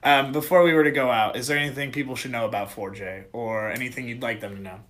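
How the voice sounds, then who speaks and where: A man's voice: mid-range voice, steady tone, quick pace, fairly bright tone. A man hosting a casual podcast chat, joking and teasing his co-host and guest. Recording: with crowd chatter behind.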